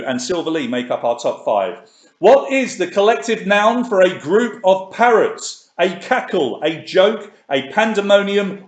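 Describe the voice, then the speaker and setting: Male quiz host, chatty and upbeat, slightly higher voice, echoey room. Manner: chatty, reads questions and options twice. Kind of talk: live online quiz hosting.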